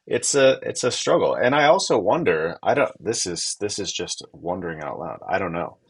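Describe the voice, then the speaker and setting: A man co-hosting a podcast, chatting casually, thinking out loud and laughing easily. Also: sits low, big pitch swings, moderate pace, vocal fry, slightly rough. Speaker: podcast co-host. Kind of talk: casual conversation.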